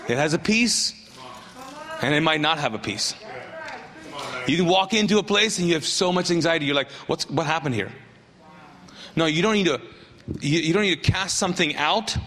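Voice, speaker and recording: A middle-aged male pastor preaching a sermon, telling a story with lively asides and acted quotes. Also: a little high, brisk, long pauses, in a large hall.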